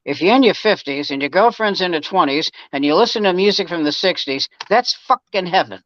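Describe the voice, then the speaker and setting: A man imitating a gruff, blunt older male comic with a deadpan delivery, in a dull dry recording. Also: high-pitched, fairly quick, dry recording. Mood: wry.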